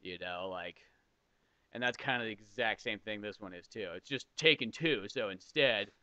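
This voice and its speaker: A man's voice: fairly low pitch, moderate pace, sharp tone, dry recording, muffled recording. A man in his twenties co-hosting a podcast, rambling casually about movies and shows. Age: 20s. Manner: chatty, rambling, trails off. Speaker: podcast co-host.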